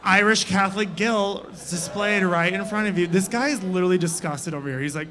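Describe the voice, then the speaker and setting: A man's voice: sits high, a little fast, pushed and bright. A young man from Iowa doing live stand-up on a bar stage, crude and sarcastic, teasing the crowd. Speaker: comedian and host.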